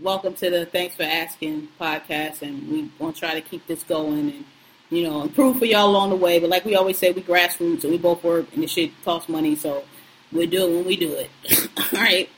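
A woman's voice: fairly low pitch, fairly even intonation, fairly quick, poor audio. Blunt, profane woman podcast co-host. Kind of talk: casual podcast chat.

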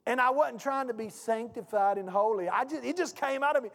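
A man preaching a sermon as pastor, with a call-and-response delivery that swings from hushed to shouting. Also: very high voice, a little fast. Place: church sanctuary. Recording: long hall reverb.

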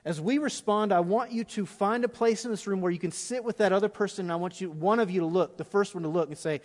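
A middle-aged male pastor preaching a sermon, passionate at times and dropping to a hushed tone in prayer, in a large church auditorium. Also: high-pitched, quick pace, few pauses. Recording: long hall reverb.

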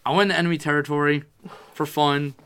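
A man in his twenties telling a sports story in casual chat, animated and profane, often quoting himself. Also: on the high side, fast talker, smooth.

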